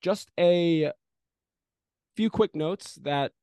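A man's voice: on the high side, very slow, smooth, no echo. Swearing young man telling a game story. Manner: animated storytelling, profane, mock play-by-play calls. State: arm in a sling after shoulder surgery. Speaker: podcast co-host. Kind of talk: casual sports podcast chat.

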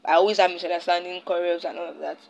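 A woman's voice: fairly low pitch, flat delivery, racing, vocal fry, low-quality recording. A young Nigerian woman hosting a casual solo podcast, rambling and often stopping to search for her words. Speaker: podcast host.

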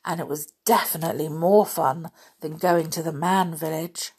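A woman reading a children's story aloud as a storyteller, in a gentle, chatty manner with small fillers. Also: low-pitched, fairly even intonation, normal speed, breathy edge.

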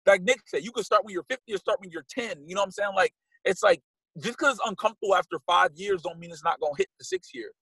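A man with a husky, slightly high voice, swinging his pitch all over as he talks. His delivery is lively and slangy, full of swearing in a loose podcast chat. The sound is dry and close. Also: fast talker, dry recording, low-quality recording. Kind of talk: casual chat.

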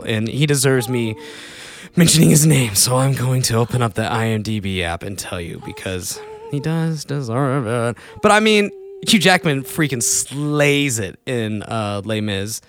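A young man chatting casually as a podcast host, rambling between mumbled asides and excited outbursts. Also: medium pitch. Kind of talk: casual solo chat.

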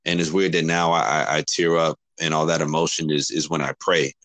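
A man's voice: very deep voice, steady tone, brisk, a bit bright, dry recording, low-quality recording. A man talking earnestly about his faith, often repeating words and calling the other man brother. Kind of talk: casual faith talk.

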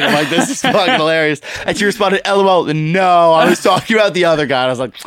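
A young man hosting a casual podcast chat, telling a story in an animated way, laughing often and swearing freely. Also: a little high, quick pace, heavy background noise. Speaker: podcast host.

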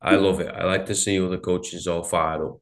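A man hosts a casual podcast chat in a very low voice. He talks bluntly and fired up, with swearing scattered all through. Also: flat delivery, brisk. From northern England. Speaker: podcast host and CrossFit coach.

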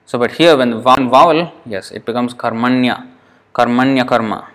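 A man teaching Sanskrit pronunciation to a class, patient and repetitive, drawing words out slowly to demonstrate them. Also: medium pitch, fairly bright tone. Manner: patient, repeats words slowly to show how they sound.

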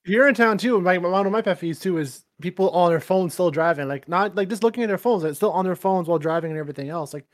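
A man co-hosting a podcast over a voice call, agreeable and soft-spoken, complaining mildly about drivers on their phones. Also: high-pitched, fast talker, few pauses. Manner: agreeable, lots of mm-hmms, mild-mannered complaints. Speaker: podcast co-host. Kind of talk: casual chat. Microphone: recorded over a voice call.

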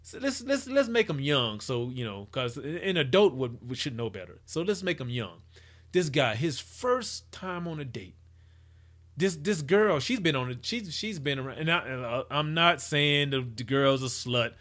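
A man's voice: medium pitch, sing-song, moderate pace, fairly bright tone. A man giving rambling, casual commentary as he reacts to a photo project, with many restarts and hypotheticals. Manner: acts out quoted people in his voice.

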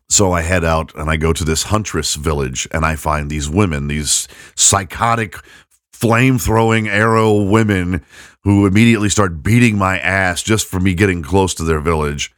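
Chatting casually on his podcast, a middle-aged man with a very deep voice rambles through a long story at a moderate pace, mocking himself and laughing. The recording is dry and close, with no sense of a room.

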